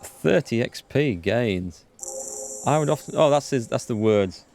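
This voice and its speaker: A man's voice: medium pitch, lively intonation, unhurried, vocal fry, a little mellow, faint music behind. A man hosting a let's play, reading game text aloud and commenting casually with frequent chuckles.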